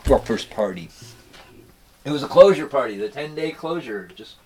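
A man's voice: medium pitch, lively intonation, moderate pace, a little mellow, a little hiss or hum, rough recording. Rambling man telling a boating story. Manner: rambling, with restarts and asides. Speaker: storyteller guest. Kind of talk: casual storytelling.

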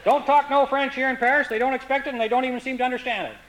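A man voicing a pompous traveller from the prairies who speaks bad French very slowly, syllable by syllable. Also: extremely high pitch, steady tone, a bit bright, slight background noise, pitched above the performer's own voice, low-quality recording. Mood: confident. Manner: slow, over-careful syllable by syllable.

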